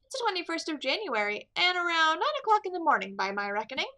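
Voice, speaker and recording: A woman's voice: very high-pitched, very animated, fast, pitched above the performer's own voice, full character voice. Woman voicing a chatty kingfisher fisherman. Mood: caring. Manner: bright, eager chatter. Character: friendly male kingfisher fisherman, chatty and caring. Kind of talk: game dialogue read aloud.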